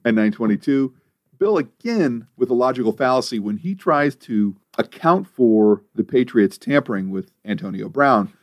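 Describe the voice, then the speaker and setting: A man co-hosting a podcast, giving dry, deadpan recaps with timestamps. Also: mid-range voice, normal speed, no room sound, lo-fi sound. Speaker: podcast co-host. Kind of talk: casual podcast commentary.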